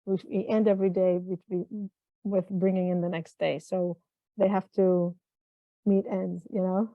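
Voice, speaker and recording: A woman's voice: fairly low pitch, little pitch movement, measured pace, dry recording. Earnest middle-aged woman, dull dry sound. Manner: earnest, heartfelt, repeats and restarts phrases. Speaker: guest, mental health consultant. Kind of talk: reflective interview conversation.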